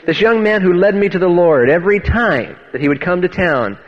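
A man's voice: high voice, expressive, fairly quick. A man preaching and telling his own testimony, earnest and emphatic, often restarting his words. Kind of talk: sermon with personal testimony. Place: church hall. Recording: dull, echoey church hall, radio-style.

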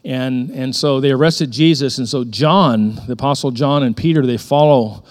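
A man's voice: medium pitch, moderate pace. This is a middle-aged man preaching a sermon, speaking in a conversational storytelling tone. He talks as if chatting with his congregation, then suddenly lifts his voice to stress key words. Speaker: pastor.

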